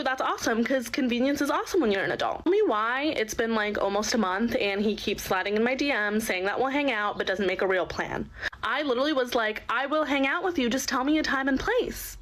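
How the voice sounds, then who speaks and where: A woman's voice: fairly high pitch, fairly bright tone, low-quality recording. A young woman in a casual vlog, chatty and exasperated.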